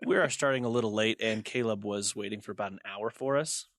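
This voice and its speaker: A man's voice: quick pace, a bit bright, dry recording, studio quality. A young man hosting a casual tech podcast, joking and laughing often between points. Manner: jokey, laughs often, goofy high squeals. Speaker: podcast host.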